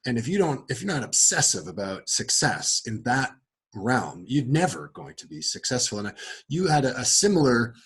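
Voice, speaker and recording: A man's voice: medium pitch, very animated, moderate pace, a bit bright, slightly rough. A man interviewing a guest on a webinar, murmuring as he listens and asking questions with some hesitation. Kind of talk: conversational interview.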